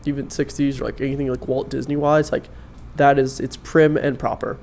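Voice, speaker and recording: Rambling, animated podcast host. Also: male voice, medium pitch, a little fast, slight background noise. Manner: animated, rambling explanations full of "like". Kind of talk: casual chat.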